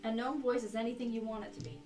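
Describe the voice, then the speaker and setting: A woman chatting casually at a tabletop game in a brisk, practical way. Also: a little high, fairly even intonation, reverberant, distant mic, over music.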